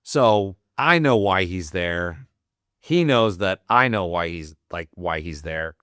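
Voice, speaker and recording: Veteran podcast guest, male, deep voice, salty and loose, dry studio sound. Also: expressive, slow pace, fairly bright tone, smooth, no room sound. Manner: profane, rambling, full of "like" fillers. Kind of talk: casual storytelling.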